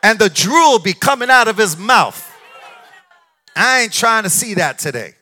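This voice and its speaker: A man's voice: high voice, lively intonation, bright, forceful tone, a faint crowd, heavily acted. A man preaching in the voice of a whiny churchgoer who makes excuses to skip church. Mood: mocking. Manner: whiny, mocking, fast. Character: complaining churchgoer making excuses to stay home.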